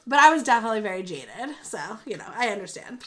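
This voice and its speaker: A woman co-hosting a relaxed vlog chat, her voice bright and a little higher than most. She talks in quick, animated bursts, full of filler words, and sounds casual throughout. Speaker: co-host.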